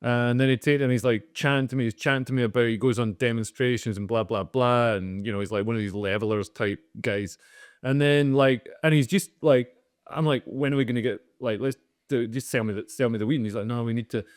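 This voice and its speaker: Male podcast co-host, quick rambling storyteller, very dry sound. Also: mid-range voice, fairly even intonation, no echo. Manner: rambling, lots of "like" and "you know". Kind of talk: casual comedic storytelling.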